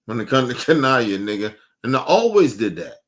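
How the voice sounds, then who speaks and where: A man hosting a casual stream rants heatedly and profanely, repeating himself and swinging between loud bursts and low mutters. He's very animated and speaks at a normal speed.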